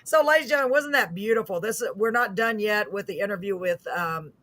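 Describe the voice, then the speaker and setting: A woman's voice: mid-range voice, a little fast, a bit bright. A woman hosting a live online show over a video call, chatty and effusive. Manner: chatty and effusive, laughs often. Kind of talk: casual live-stream chat.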